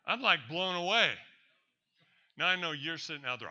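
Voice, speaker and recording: A man's voice: on the high side, expressive, normal speed, sharp tone, lo-fi sound. A man presenting a talk, telling a personal story in an emphatic, defiant way to an audience. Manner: emphatic and defiant, addresses doubters directly.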